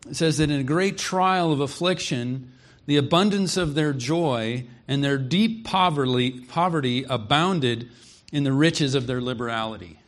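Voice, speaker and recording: A man's voice: medium pitch, moderate pace. A man preaching an expository sermon, earnest and emphatic, reading scripture aloud and explaining it.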